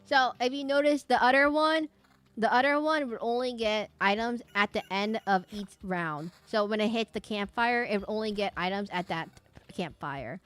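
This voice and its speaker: A woman's voice: mid-range voice, normal speed, a bit bright, faint music behind. A young woman chatting casually while streaming a game, rambling and giggling with lots of restarts and asides.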